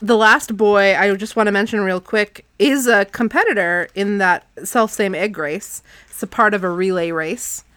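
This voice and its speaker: A woman's voice: mid-range voice, normal speed, few pauses, a bit bright, no echo. Woman co-host recapping a book in easy chat, dry close mic. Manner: laughs often, reads passages aloud. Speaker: podcast co-host.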